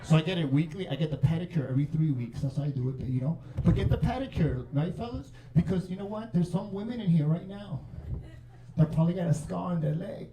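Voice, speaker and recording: A man's voice: fairly high pitch, quick pace. A man doing a stand-up comedy set, brash and profane, working the crowd. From New York. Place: comedy club with a laughing crowd. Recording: live club recording with crowd laughter.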